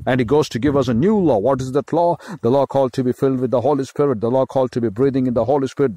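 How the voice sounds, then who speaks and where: A man's voice: mid-range voice, gravelly, dark tone, no room sound. Indian-accented man preaching, dry sound. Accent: Indian English. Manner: slow emphatic preaching with repeated phrases. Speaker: pastor. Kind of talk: sermon.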